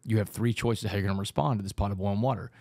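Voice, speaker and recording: A Texan author and speaker, guesting on a casual podcast, tells his story in a lowish voice, rapid and energetic, constantly dropping "man". The recording is dry and close, with no echo or room sound.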